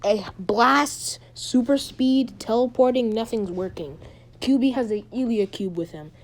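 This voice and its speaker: A woman casually retelling a fan-made story, rambling and halting with many ums and restarts. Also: on the high side.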